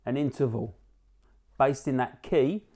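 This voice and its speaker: A man with a British English accent teaching a live online jazz lesson over a video call, talking in a relaxed, instructive way with many fillers and restarts. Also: medium pitch, measured pace. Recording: faint piano music behind the voice. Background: piano notes.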